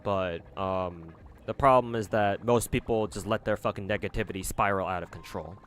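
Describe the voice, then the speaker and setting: A man's voice: fairly low pitch, normal speed, a bit bright, slight background noise. A man streaming live, chatting casually to his viewers and rambling with many fillers.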